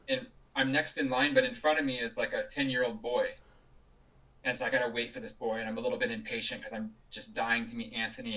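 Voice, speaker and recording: Bright-voiced man, chatty, distant call mic. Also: mid-range voice. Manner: chatty, laughs often, many restarts. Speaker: juggler and guest. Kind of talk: casual storytelling interview. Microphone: video call.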